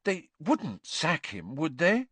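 A man's voice: on the high side, wildly swooping pitch, slow pace, fairly bright tone, slightly rough, no room sound, pitched above the performer's own voice, heavily acted. A man voicing an anxious, clever teenage schoolgirl who speaks nervously, in a dry audiobook reading.

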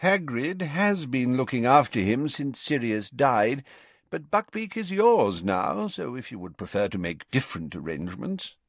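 A man voicing an elderly male headmaster who speaks in a measured, formal, gently amused way. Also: mid-range voice, big pitch swings, no room sound, pitched above the performer's own voice. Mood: calm. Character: elderly male headmaster, calm, courteous and wry.

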